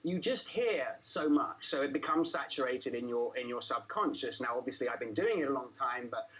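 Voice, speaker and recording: A man from London, an actor answering interview questions in a halting way, often repeating words. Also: mid-range voice, expressive, pushed and bright, poor audio. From London, England. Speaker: actor guest.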